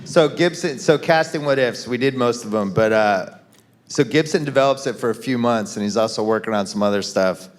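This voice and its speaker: A man's voice: mid-range voice, brisk. A man hosting a live podcast panel on stage, chatting casually, handing out mock awards and calling on his guests. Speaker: podcast host. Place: live stage in a concert venue.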